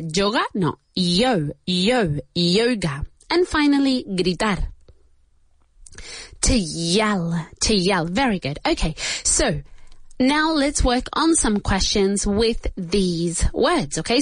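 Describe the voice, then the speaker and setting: Slow, patient female English teacher. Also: medium pitch. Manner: patient, repeats each word for students to echo; switches briefly into Spanish to explain. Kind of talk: slow, drilled beginner English lesson.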